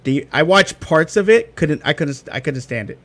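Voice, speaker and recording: A young man telling stories in a casual chat, slightly high in pitch. He acts out every quote with gusto and keeps the talk moving. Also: normal speed. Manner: animated storyteller, acts out quotes. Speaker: guest.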